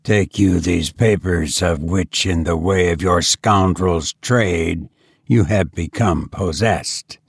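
Male narrator as young duke, cold and mocking, deep and unhurried, audiobook. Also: creaky, husky, no room sound, studio quality, heavily acted. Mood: cold, menacing. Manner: soft-spoken, mockingly calm, slow. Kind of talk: audiobook character voice.

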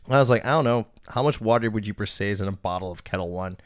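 A young male podcast host from Wisconsin with a slightly low voice tells long, rambling party stories. He acts out what other people said with plenty of swearing, in a loose, casual chat. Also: very fast. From Milwaukee, Wisconsin. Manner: rambling, animated anecdotes with voiced quotes and profanity.

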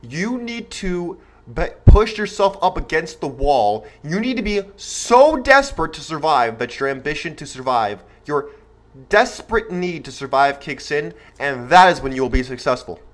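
Animated young man giving blunt advice. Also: fairly high pitch, normal speed. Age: 20s. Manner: animated, acts out voices of others; blunt, slangy, talks to parents directly. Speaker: podcast host. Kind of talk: motivational monologue.

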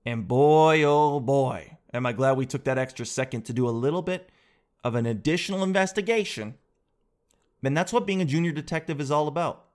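A man in his thirties hosting a podcast, telling a comic story in a loose, animated way and calling his listeners dude and guys. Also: a little high, brisk. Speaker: podcast host. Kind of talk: casual comedic monologue.

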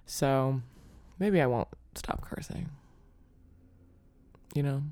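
Smooth-voiced young woman rambling casually. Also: a bass voice, takes it slowly, warm tone, no room sound. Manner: rambling and self-deprecating, heavy use of "like", casual cursing. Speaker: podcast host. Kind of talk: casual solo podcast monologue.

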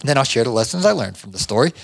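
A man's voice: medium pitch, racing, vocal fry. A man hosting a podcast, telling a story casually and acting out the lines of the people in it. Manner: animated, acts out other people's lines. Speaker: podcast host.

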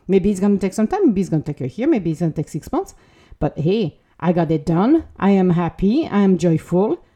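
Warm-voiced encouraging woman speaker. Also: lowish voice, sing-song, fairly quick. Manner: earnest, encouraging, acts out little quoted dialogues. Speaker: motivational speaker. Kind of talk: motivational monologue.

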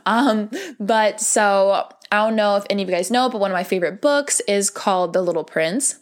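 A young adult woman hosting a podcast, talking in a gentle, earnest, casual way, full of "like" and calling her listeners "baby". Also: medium pitch, normal speed. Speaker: podcast host. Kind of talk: casual heartfelt monologue.

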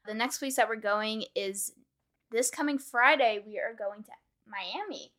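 A woman's voice: a little high, measured pace, fairly bright tone. A young woman from the New York area co-hosting a podcast, casual and wry, teasing her partner. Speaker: podcast co-host. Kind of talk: casual chat.

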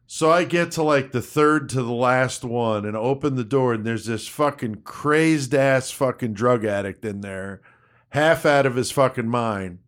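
A man's voice: medium pitch, measured pace. Profane storyteller, a man acting out every line he quotes. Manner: profane, animated, acts out quotes. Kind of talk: casual storytelling.

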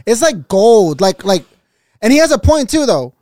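A man's voice: high voice, normal speed, no echo, clean studio sound. A young man co-hosting a podcast, telling rambling stories in casual chat. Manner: rambling storyteller, animated retellings. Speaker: podcast co-host.

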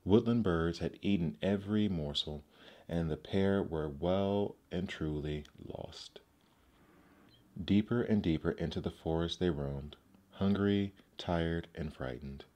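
A man narrating classic fairy tales aloud in a measured, gentle storybook manner. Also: deep voice.

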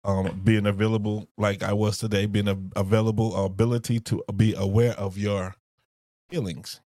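A man's voice: on the low side, flat delivery, normal speed, warm tone, no echo, clean studio sound. A man co-hosting a podcast in casual chat, arguing his point insistently and cutting in often. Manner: insistent, interrupting, argumentative. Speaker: podcast co-host.

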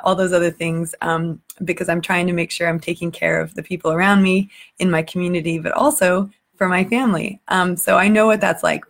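A woman hosting a casual vlog for her community, speaking earnestly and with open emotion. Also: fairly low pitch. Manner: earnest, warm-hearted, a little emotional. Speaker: community group host. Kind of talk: casual heartfelt vlog talk.

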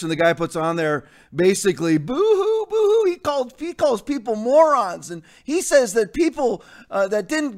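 A man preaching as a pastor in a blunt, defiant rant, repeating his points for emphasis. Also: high-pitched. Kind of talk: combative sermon rant.

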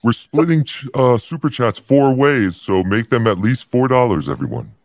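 A man's voice: medium pitch, lively intonation, normal speed, darkish tone, no echo, clean studio sound. A man co-hosting a livestream who jokes playfully. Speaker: co-host voicing a potato. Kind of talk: casual livestream banter.

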